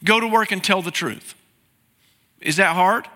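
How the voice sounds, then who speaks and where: A man's voice: high-pitched, measured pace, sharp tone, long reverb tail. A man preaching a sermon as pastor, in a conversational style full of rhetorical questions, recorded in a church sanctuary.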